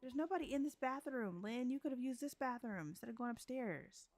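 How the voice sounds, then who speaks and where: Chatty woman streamer, slightly high voice, laughs a lot, gives the game characters their lines in casual commentary. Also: expressive, fairly quick, darkish tone, dry recording, faint music behind. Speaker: streamer playing a life-sim game. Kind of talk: casual let's-play commentary.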